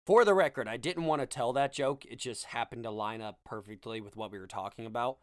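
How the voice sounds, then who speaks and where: A young man hosts his podcast in a comedic monologue, sarcastic and full of self-mocking asides. His voice sits in a middle pitch. The sound is dry and close, with no room echo. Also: brisk. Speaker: podcast host.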